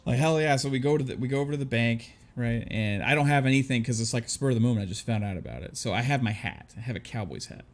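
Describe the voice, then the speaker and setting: A man's voice: medium pitch, animated, fast talker, few pauses. A married man telling a story in casual chat, laid-back, stumbling over words and swearing. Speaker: podcast panelist.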